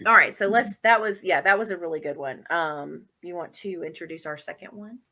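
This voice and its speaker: A woman's voice: fairly low pitch, brisk, bright, forceful tone. A woman co-hosting a horror podcast, chatting casually about movies with many fillers and frequent laughs. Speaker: podcast co-host. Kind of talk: casual chat.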